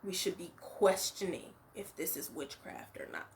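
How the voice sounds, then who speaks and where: A woman's voice: fairly low pitch, moderate pace. A woman hosting a casual reality show recap, opinionated and emphatic, full of "like" and "you know". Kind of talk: casual reaction commentary.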